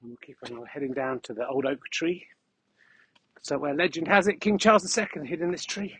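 Deadpan rambling man outdoors. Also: fairly high pitch, brisk, husky, no room sound. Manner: deadpan, absurd, mock-grandiose. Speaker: vlogger walking his dog. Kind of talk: rambling comic walk-and-talk monologue. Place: outdoors in open fields.

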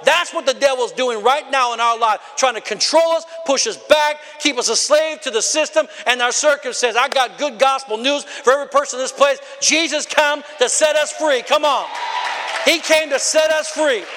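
A man preaching a sermon to a congregation, emphatic and often shouting, calling out to the crowd between points. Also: very high voice, moderate pace. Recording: long reverb of a large hall.

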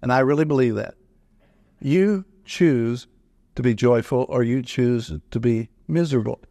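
A man's voice: mid-range voice, measured pace, warm tone, no room sound. Folksy older male preacher, dry sound. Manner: folksy, humorous, quotes scripture. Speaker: radio speaker on retirement. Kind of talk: sermon-style talk.

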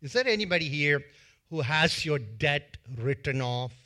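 A male pastor giving a sermon in a church, retelling a parable in an animated way and acting out its scenes with a volunteer. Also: fairly high pitch, a little slow. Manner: animated storytelling that acts out scenes.

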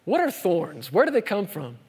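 A man delivering a sermon in a slightly higher-than-usual voice, driving his points home with rhetorical questions. He speeds up and then slows almost to a crawl for emphasis. His voice rings with a long hall reverb. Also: wildly swooping pitch, darkish tone, husky. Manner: emphatic, rhetorical questions, shifts between fast and slow delivery. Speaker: preacher.

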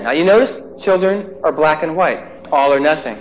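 A man's voice: high-pitched, big pitch swings, brisk, hardly any pauses, slight background noise, low-quality recording. A male psychologist telling a personal story in a workshop lecture, with self-deprecating, chuckling asides. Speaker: psychologist giving a workshop talk.

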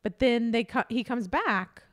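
A woman talks through a film plot in relaxed podcast chat. She jumps into the characters' lines as she goes and laughs easily along the way. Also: fairly high pitch, measured pace. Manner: retells movie scenes, acting out quotes, laughs often. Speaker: podcast co-host. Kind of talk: casual chat.

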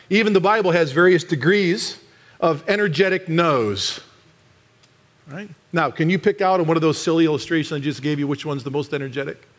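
A middle-aged man preaching a sermon in church, animated and sometimes rising to a shout for emphasis. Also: fairly high pitch. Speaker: pastor.

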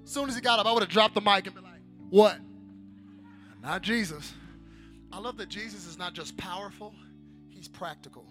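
A male pastor preaching a sermon in a church service, dropping to hushed storytelling and then building to shouted calls for the congregation to answer back. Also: high voice, fast, music in the background. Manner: call-and-response with the congregation.

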